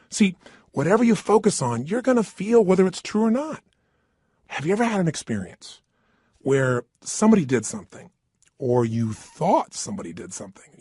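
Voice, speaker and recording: A man in middle age delivers a fervent motivational talk, standing at a microphone. His husky voice leaps up and down in pitch as he hammers points home with rhetorical questions. The sound is dry and close. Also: darkish tone, dry recording. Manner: emphatic, with rhetorical questions to the listener. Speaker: motivational speaker. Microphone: standing and speaking into a microphone.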